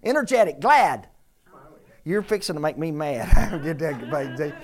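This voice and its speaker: With a mid-range voice that swings widely in pitch, an older preacher moves at a measured pace through an interactive church sermon. He teaches scripture by questioning the congregation, teasing them and speaking with emphasis.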